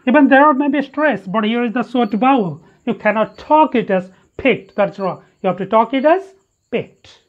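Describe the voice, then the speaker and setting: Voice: medium pitch, lively intonation, moderate pace, hardly any pauses. A teacher giving a phonetics lesson, drilling example words one by one and correcting wrong pronunciations. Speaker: English teacher. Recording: dull lo-fi recording.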